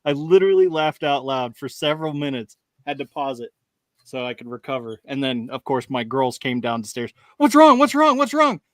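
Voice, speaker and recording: A man's voice: medium pitch, steady tone, brisk, a little mellow, dry recording, clean studio sound. A man co-hosting a podcast in casual chat, rambling along, laughing often and acting out lines he quotes. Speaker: podcast co-host.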